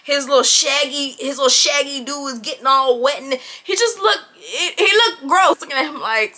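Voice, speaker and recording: A woman in her twenties telling a storytime to the camera in animated, chatty, slangy style, recorded indoors on a camera mic. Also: sits high, moderate pace, hardly any pauses. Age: 20s. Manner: animated, chatty, talks straight to viewers with slang. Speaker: vlogger. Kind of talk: casual storytime chat.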